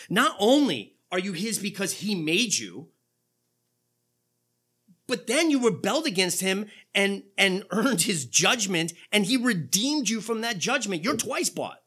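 A man preaching a sermon, his voice slightly husky and bright in tone. He speaks with lively swings in pitch, and he fires off rhetorical questions as he quotes scripture. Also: slow, pauses often. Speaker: pastor.

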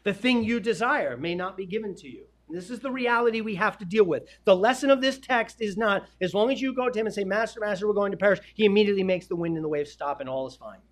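A man preaching a sermon, swinging between loud emphatic peaks and hushed, quiet drops. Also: sits high, expressive, fast, few pauses.

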